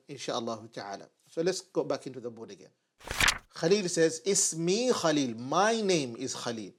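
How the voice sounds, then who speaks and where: A man giving an online Arabic lesson at a whiteboard, patiently repeating phrases slowly for his learners. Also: on the high side. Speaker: Arabic teacher.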